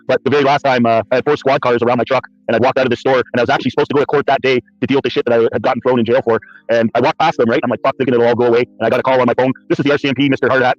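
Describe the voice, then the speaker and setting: A man on an online podcast panel telling a profane, lively personal story. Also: medium pitch, no echo. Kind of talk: casual storytelling on a call. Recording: dull, dry call audio.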